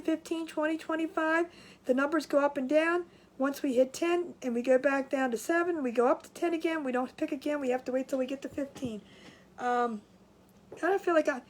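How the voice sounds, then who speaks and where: A woman from Maryland hosting a casual craft livestream, out of breath and chatting while greeting viewers by name. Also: high voice. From Maryland, USA.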